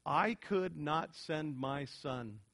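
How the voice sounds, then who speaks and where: A middle-aged man with a high voice preaches a sermon to his congregation. He pushes some points out loud and emphatic, then drops to a low, earnest hush. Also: takes it slowly, gravelly. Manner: dynamic preaching, swinging from loud emphasis to hushed earnest tones. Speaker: pastor.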